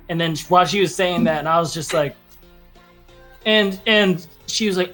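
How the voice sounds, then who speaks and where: A man's voice: high-pitched, moderate pace, a bit bright, soft background music. A young man telling a rambling story in casual chat, acting out quotes with laughs. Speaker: podcast guest or co-host.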